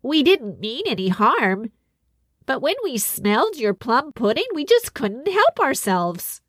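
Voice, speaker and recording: A sheepish little storybook troll, played by a woman narrator, pleading in a slightly raised voice. The delivery is slow and apologetic. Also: high-pitched, very animated, no echo, voice pushed up, full character voice.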